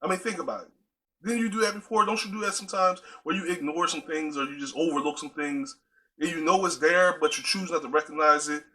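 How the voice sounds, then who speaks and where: A man talks straight to his viewers in a casual, preachy way. His voice sits high and sounds very bright. He keeps calling his listeners y'all. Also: fast talker, low-quality recording. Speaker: video host. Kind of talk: casual direct-to-camera talk.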